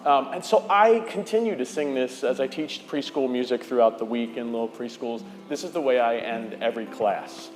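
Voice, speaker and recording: A man's voice: mid-range voice, normal speed, few pauses. A man leading a children's time in a church service, asking playful questions and leading a song. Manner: playful, asks questions, sings along. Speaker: director of lifelong faith formation. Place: large church sanctuary. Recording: echoey hall, organ music behind.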